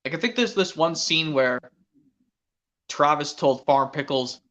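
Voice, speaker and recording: A man chatting casually on a stream as a guest, speaking quickly with hesitant restarts. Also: on the high side, a bit bright. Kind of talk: casual chat. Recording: lo-fi online voice chat.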